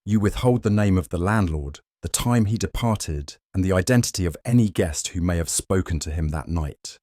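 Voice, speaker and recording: A man reads as a sharp, coolly observant detective with a deep, low voice. He speaks in a crisp, measured, faintly wry way. The sound is dry and close. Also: animated, no room sound.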